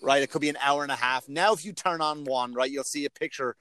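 A middle-aged man hosting a casual comedy podcast, telling animated, profane stories and acting out quotes. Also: mid-range voice, fast, dry recording.

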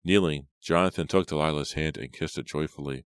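A man reading an audiobook in a steady, measured narration. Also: rumbling low, clean tone, no echo, clean studio sound.

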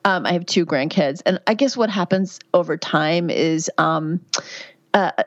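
A woman's voice: on the low side, measured pace, dry recording. Chatty middle-aged woman, dry dull sound. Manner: earnest, chatty, frequent fillers and restarts. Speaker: midwife and guest. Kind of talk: conversational interview answers.

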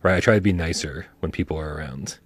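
A man's voice: rumbling low, fast. A man hosting a casual chat, talking animatedly with frequent restarts and casual swearing. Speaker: host.

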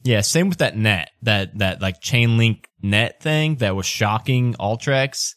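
A man's voice: lowish voice, animated, a little slow, a bit bright, dry recording, clean studio sound. A man narrating as game master in a casual way, laughing often.

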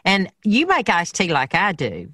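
A woman's voice: lowish voice, huge pitch swings, measured pace, pushed and bright, husky, no echo, studio quality. A woman with a Southern American accent, hosting a casual chat and asking eager questions. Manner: chatty, asks eager questions. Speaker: host.

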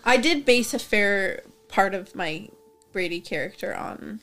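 A woman's voice: mid-range voice, expressive, unhurried, a bit bright. A woman in casual podcast chat who laughs often and reads from a book aloud. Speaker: guest co-host. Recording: music playing behind.

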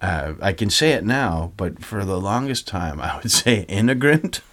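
A man's voice: low voice, lively intonation, normal speed, a bit bright. A man co-hosting a casual comedy chat, teasing his friend playfully and laughing easily. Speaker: podcast co-host.

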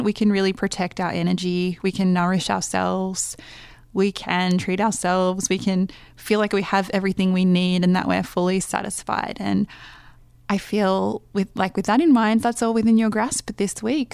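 Smooth-voiced woman hosting a podcast. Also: medium pitch, fairly even intonation, moderate pace, a little mellow, no room sound. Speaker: podcast host. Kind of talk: casual wellness chat.

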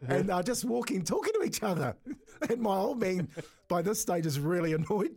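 A man's voice: high-pitched, very animated, normal speed, a little mellow, breathy edge. A middle-aged man with a New Zealand accent, co-hosting a radio show, telling a funny family story with frequent laughter and lots of "mate". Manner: chatty, laughs often, says "mate" a lot. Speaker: radio co-host. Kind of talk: casual radio banter and storytelling.

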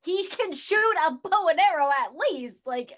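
Blunt high-voiced ranting woman. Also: animated, a little slow, a bit bright. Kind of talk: casual chat.

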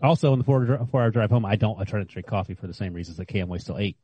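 A man co-hosting a sports podcast, joking in a quick, wry way. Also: fairly low pitch, mellow, breathy edge, dry recording, dull audio. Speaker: podcast co-host. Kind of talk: casual sports podcast chat.

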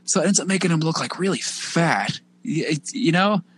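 A man's voice: a little high, lively intonation, normal speed, breathy edge. A man co-hosting a podcast, casually recapping a show with rambling asides and laughter. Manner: rambling, laughing, acts out quotes. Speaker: podcast co-host. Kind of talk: casual chat recapping wrestling.

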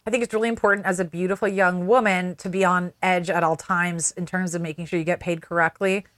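A woman's voice: fairly low pitch, fairly even intonation, quick pace, a bit bright, no echo, clean studio sound. A young woman co-hosting a podcast in casual chat, rambling with lots of filler, talking from a small closed room at home over a video call. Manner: chatty, rambling, full of 'like'. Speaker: podcast co-host.

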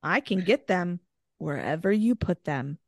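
A woman's voice: lowish voice, lively intonation, a little slow, gravelly, dry recording, clean studio sound, heavily acted. A woman voicing a boastful, threatening male talking mongoose spirit, reading his words dramatically. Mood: menacing. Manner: dramatic quoted read-out, rising to a shout.

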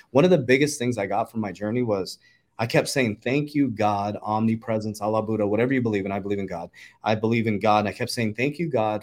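Brief: thirties man, quick emphatic talker, casual podcast guest. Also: fairly low pitch, darkish tone. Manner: fast, emphatic storytelling with swearing. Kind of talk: casual conversation.

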